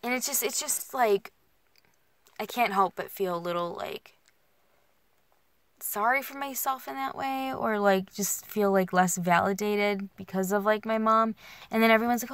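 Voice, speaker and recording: A woman's voice: medium pitch, measured pace, a bit bright. A young woman talks in a car, venting in a rambling, restart-filled way, full of filler words. She sounds emotionally worn down. The sound is close and dry, with no room echo. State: emotionally worn, feeling alone. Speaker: vlogger. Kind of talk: casual venting while driving.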